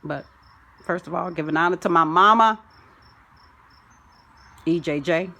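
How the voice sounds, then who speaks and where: A woman's voice: lowish voice, measured pace, sharp tone. A woman vlogging from home, rambling through a preachy spiritual monologue full of folksy sayings.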